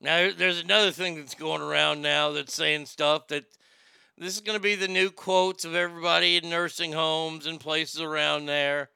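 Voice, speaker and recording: A man's voice: fairly high pitch, normal speed, gravelly, pushed and bright, clear, resonant tone, dry recording. A man giving a sarcastic, profane comedy rant about a news story and reading chat aloud.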